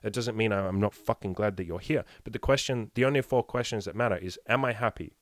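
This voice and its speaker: A man's voice: on the low side, fast, dry recording. Blunt, profane man in his thirties. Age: 30s. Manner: emphatic, rhetorical questions. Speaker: dating coach. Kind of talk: casual podcast chat.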